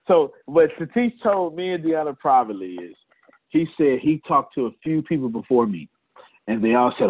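A man leading a business coaching session on a video call. He talks in an animated way and addresses attendees by name. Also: on the high side, moderate pace, gravelly. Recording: tinny phone-like call audio.

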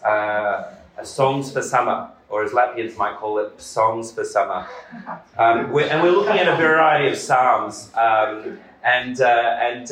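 A man's voice: mid-range voice, fairly bright tone, roomy sound, rough recording. A man, a church elder, giving a conversational sermon with many hesitant fillers.

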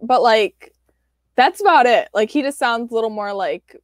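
A woman's voice: fairly high pitch, animated, normal speed, no room sound, clean studio sound. A young woman co-hosting a podcast in casual chat, bubbly, laughing often and filling her talk with "like". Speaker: podcast co-host.

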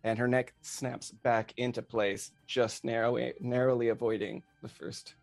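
A man's voice: medium pitch, level tone, a little slow, gravelly, a little mellow, faint music behind. A man narrating a tabletop game as game master, teasing the players and laughing easily.

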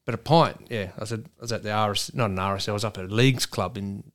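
An Australian racing driver with a lowish voice tells sweary stories at a quick pace in a casual chat. He is animated as he spins his tales.

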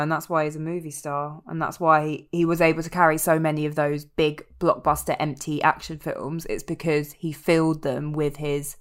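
Woman, podcast co-host, casual banter, jokey, a touch low-pitched, sweary. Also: a bit bright. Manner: joking, quick banter, swears. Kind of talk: casual chat.

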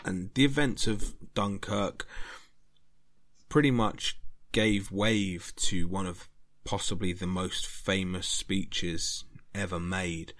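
A man hosting a history podcast, talking in an earnest, rambling way that grows more animated. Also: low voice, slow. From Britain. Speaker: podcast host.

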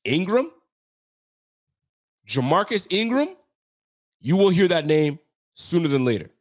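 A man's voice: a little high, sing-song, a little slow. A young man hosting a sports podcast, giving a frustrated, slangy postgame rant that keeps repeating its points.

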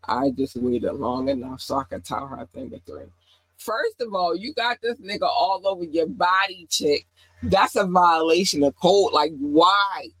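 A husky-voiced woman hosts a podcast of casual celebrity gossip. She speaks bluntly and profanely and keeps checking in with her listeners. The sound is dry and close. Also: fairly low pitch, a bit bright, no room sound, low-quality recording. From Baltimore. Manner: blunt, profane, keeps asking "you feel me". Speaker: podcast host.

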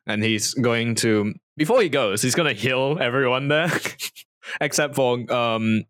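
A man's voice: medium pitch, a little slow, a bit bright, no room sound. A man narrating as game master of a tabletop game, rambling and laughing often. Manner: rambling, many fillers and restarts, laughs often.

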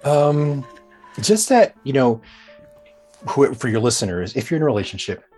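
A man's voice: medium pitch, big pitch swings, normal speed, darkish tone, breathy edge, faint music behind. A man guesting on a podcast in casual chat, laid-back and frank, laughing easily. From United States.

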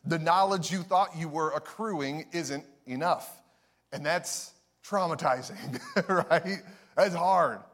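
A young man preaching a sermon, telling a story with animated energy, often laughing. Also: fairly high pitch, takes it slowly. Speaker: pastor.

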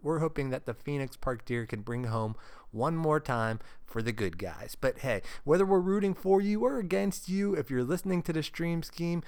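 A man's voice: fairly high pitch, lively intonation, moderate pace, darkish tone, clean tone. A man hosting a solo sports podcast, upbeat and jokey, often laughing mid-sentence. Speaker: podcast host.

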